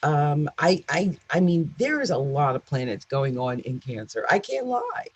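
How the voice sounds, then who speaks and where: A woman's voice: deep voice, very animated, measured pace, lo-fi sound. A woman astrologer giving a casual, chatty horoscope reading with emphatic asides. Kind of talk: casual monthly horoscope talk.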